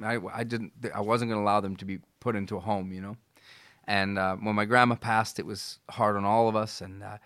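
A middle-aged man from Canada, a guest in a candid conversation, speaks in a halting, emotional way with frequent restarts. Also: lowish voice, fairly bright tone, no room sound, clean studio sound.

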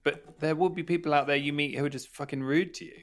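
A man's voice: a little high, fairly even intonation, fast. A man, a guest and new father, thinking aloud in a casual chat with lots of hedging fillers.

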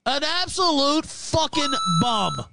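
A man hosting a livestream, delivering an angry, profane rant that swings between yelling and low muttering, mocking his critics. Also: sing-song, takes it slowly, vocal fry. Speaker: livestream host.

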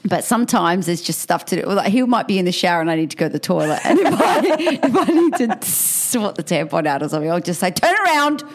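A woman, co-hosting a casual chat, frank and quick to laugh, swearing freely. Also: on the low side, very animated. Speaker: podcast co-host.

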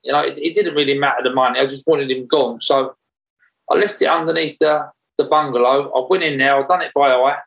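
Man, gravelly, interview storytelling, animated, laughs between lines, rambling. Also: mid-range voice, a little fast, poor audio. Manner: animated, laughs while telling, rambling restarts. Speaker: interview guest.

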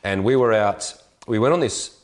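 A man casually telling an animated, profane travel story in conversation. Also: lowish voice, moderate pace. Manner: animated storyteller, swearing, voices others.

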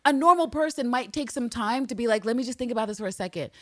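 A woman's voice: on the high side, expressive, fast talker, a bit bright, no echo, clean studio sound. A woman co-hosting a podcast, recapping a TV episode in casual, profane chat and acting out the characters' lines in put-on voices. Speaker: podcast co-host.

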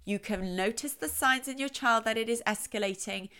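A woman's voice: on the high side, normal speed, bright, forceful tone, smooth. A middle-aged woman who is a child psychologist, giving playful parenting advice and exaggerating her voice to show how it should sound.

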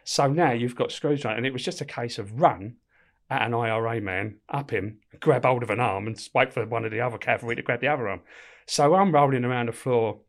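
A man's voice: mid-range voice, brisk. A middle-aged man, a former prison officer, telling stories in casual chat, swearing and laughing often. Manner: swearing, laughing, acts out voices. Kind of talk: casual anecdotal storytelling.

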